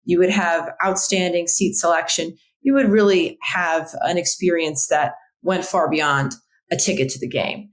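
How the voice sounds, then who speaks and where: A woman in her forties with a fairly low voice talks as a marketing executive on a podcast. She sounds enthusiastic and warm toward her work, sometimes restarting a phrase before carrying on. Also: steady tone, normal speed, poor audio. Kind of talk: casual interview.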